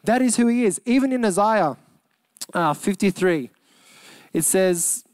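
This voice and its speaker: A young adult man with an Australian accent, preaching a sermon in an earnest, emphatic way, slowing and softening on key words. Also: high voice, lively intonation, no echo. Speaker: pastor.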